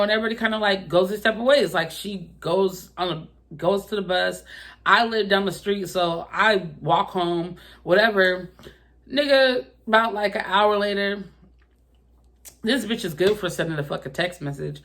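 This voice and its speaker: Animated, profane young woman telling a story. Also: medium pitch. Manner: profane, animated retelling with exaggerated quoted outbursts. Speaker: storytime vlogger. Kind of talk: casual storytime vlog.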